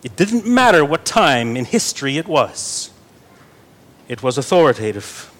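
A man's voice: medium pitch, sing-song, unhurried, fairly bright tone. A young man preaching a sermon, reading scripture earnestly and adding playful asides to his congregation. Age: young adult. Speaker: pastor.

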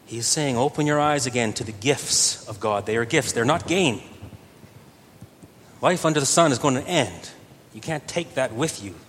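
A man preaching a sermon earnestly, his voice swelling louder on key phrases. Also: expressive, normal speed. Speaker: pastor. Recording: reverberant church hall with faint rumble.

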